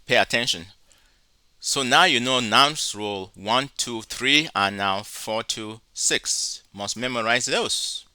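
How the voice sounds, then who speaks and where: A man with a sharp, bright voice gives a recorded lesson. He speaks slowly and deliberately, sounding out syllables one at a time, in a dry, close recording. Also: medium pitch, clear, resonant tone, no room sound. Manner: slow, deliberate, spells out syllables. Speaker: Greek teacher. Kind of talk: recorded lecture.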